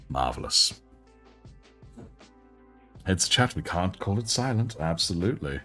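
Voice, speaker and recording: A young British man with a deep voice, chatting in a relaxed, self-mocking way while he hosts a livestream. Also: a little slow, long pauses, soft background music. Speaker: livestream host and miniature painter. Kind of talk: casual livestream chat.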